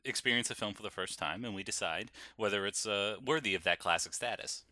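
A man's voice: on the low side, fairly quick, pushed and bright, no echo. A man co-hosting a casual podcast, joking and laughing often. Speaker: podcast co-host. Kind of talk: casual chat.

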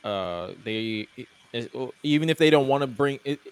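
A man's voice: mid-range voice, expressive, moderate pace, clean tone. A man co-hosting a podcast, chatting casually and jokingly about wrestling with loose restarts. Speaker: podcast co-host.

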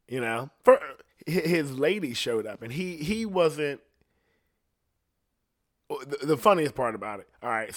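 A man's voice: mid-range voice, fairly bright tone. A middle-aged man ranting crudely in a casual rambling monologue, telling stories and quoting others in passing voices. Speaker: podcast host. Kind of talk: profane casual rant.

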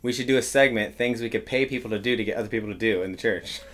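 A man's voice: lowish voice, very fast, fairly bright tone. A man co-hosting a church podcast, joking around in casual rambling banter. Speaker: co-pastor and podcast host.

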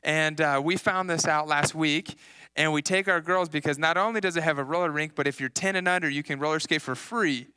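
A man in his thirties preaching a casual sermon, telling personal stories in an animated way and acting out what people said. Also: on the high side, brisk, clean tone, dry recording. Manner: casual, animated storytelling with acted-out quotes. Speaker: pastor.

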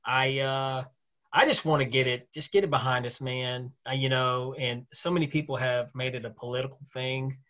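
A man's voice: medium pitch, steady tone, moderate pace, bright, forceful tone. A man hosting a podcast in casual, joking chat, sometimes drawing out words for effect. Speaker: podcast host.

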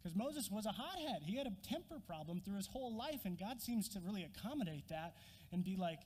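A man preaching a sermon, an animated storyteller who acts out scenes with a prop. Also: sits high, brisk, big-room sound, a little hiss or hum. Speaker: pastor.

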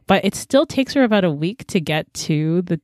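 A woman's voice: lowish voice, expressive, darkish tone, slight background noise. Chatty woman recapping a story. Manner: chatty storytelling, quick swings into playful character voices. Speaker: podcast co-host recapping a series. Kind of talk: casual chat.

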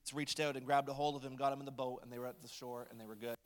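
A man's voice: mid-range voice, little pitch movement, rapid-fire, big-room sound. A man preaching a sermon as pastor, in a conversational storytelling way with light humor.

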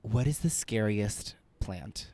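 A playful man co-hosting a casual podcast, cracking dad jokes and hamming up the punchlines. His pitch swings widely as he talks. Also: animated, slow pace, a little mellow, no echo. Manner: playful, jokey, tells dad jokes with exaggerated delivery. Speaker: podcast co-host. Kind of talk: casual chat.

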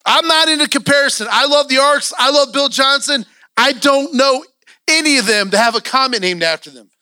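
A man preaching in a church, telling a story in a lively sermon style with acted-out quotes. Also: very high-pitched, a little fast, dry recording, studio quality. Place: church sanctuary.

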